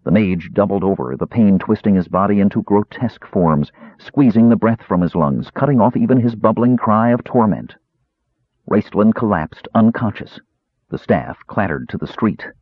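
A man narrating an audiobook with expressive storytelling. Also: lowish voice, moderate pace, breathy edge, no room sound. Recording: tinny lo-fi narrow band.

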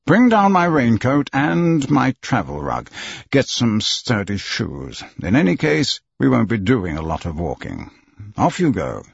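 A man voicing an impassive, precise English gentleman who speaks calmly and never raises his voice. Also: mid-range voice, a little slow, creaky, breathy edge, no room sound, muffled recording, exaggerated voice. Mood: brisk orders.

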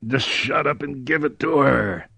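A man voicing a poisoned lord whose voice is hoarse, gravelly and croaking. He growls his orders. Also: mid-range voice, unhurried, pushed and bright, no echo, exaggerated voice. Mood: growling. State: hoarse, coughing. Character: poisoned lord, gruff and commanding.

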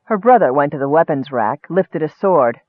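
High-voiced male audiobook narrator. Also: lively intonation, moderate pace, no room sound. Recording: dry, tinny, narrow-band.

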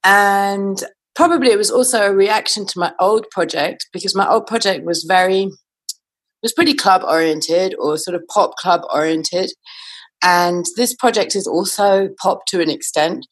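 A woman's voice: medium pitch, moderate pace. Reflective woman musician being interviewed. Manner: reflective, laughs easily, says "you know". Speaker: musician guest. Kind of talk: casual interview over a video call. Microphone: video call.

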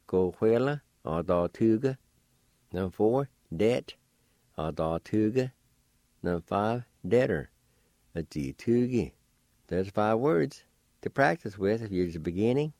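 A man hosting a radio language lesson, spelling out words letter by letter and pronouncing them slowly and patiently. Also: low voice, warm tone, dry recording, clean studio sound. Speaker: radio host teaching a language. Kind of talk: slow spelling and pronunciation lesson.

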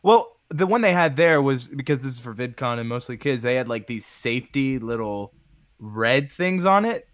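A man telling a story as a podcast guest in a relaxed, matter-of-fact way. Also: mid-range voice, moderate pace, dry recording. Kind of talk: casual podcast chat.

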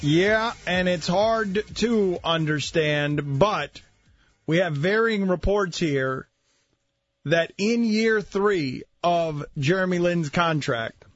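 A sports radio host with a husky, fairly high voice, talking casually and laying things out step by step. The audio is dull and lo-fi, with faint music behind. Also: male voice, animated, slow pace, no echo.

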